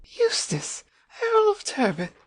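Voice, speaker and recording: A woman voicing a startled aristocratic English lady in an amateur full-cast dramatic reading, speaking in breathy gasps. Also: very high-pitched, wildly swooping pitch, takes it slowly, no room sound, heavily acted. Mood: astonished.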